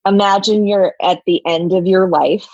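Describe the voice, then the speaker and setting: A woman's voice: lowish voice, normal speed, dry recording, highs cut off. A woman being interviewed as a guest, talking in a chatty way, full of "like" and "you know". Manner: animated, heavy "like" and "you know" fillers. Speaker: podcast guest, people and culture officer. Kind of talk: casual interview talk.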